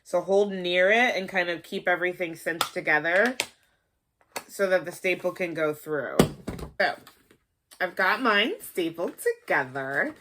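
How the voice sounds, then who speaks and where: A young woman from the Midwest hosting a casual craft tutorial, a little high, rambling and playful with lots of fillers. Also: noisy background. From American Midwest. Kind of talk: casual how-to demonstration.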